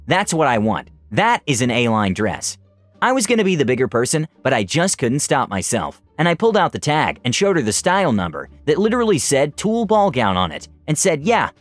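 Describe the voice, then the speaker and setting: A man tells a first-person story with a lively, swooping pitch and a sarcastic edge in his asides. The sound is dry and close, and faint music plays underneath. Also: dry recording.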